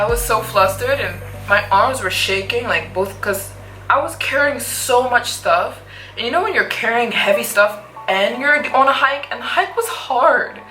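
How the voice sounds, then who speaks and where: A young woman tells a storytime tale in a lively, rambling way, her voice bright and forceful. The room adds a noticeable echo, and faint music plays underneath. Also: mid-range voice. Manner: lively storytelling, full of fillers. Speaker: vlogger. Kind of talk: storytime narration.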